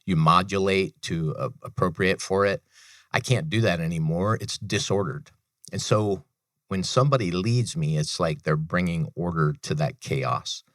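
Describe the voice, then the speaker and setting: A man's voice: low voice, moderate pace, a bit bright, dry recording, clean studio sound. A man in his thirties, a veteran and author, telling personal stories in an earnest, repetitive way as a radio interview guest. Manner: earnest, personal storytelling with repeated phrases. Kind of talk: interview talk on a business radio show.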